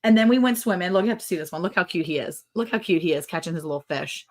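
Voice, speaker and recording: A chatty woman co-hosting a casual livestream, laughing often as she reads out comments. Her voice sits a little low for a woman. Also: lively intonation, very fast. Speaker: livestream co-host.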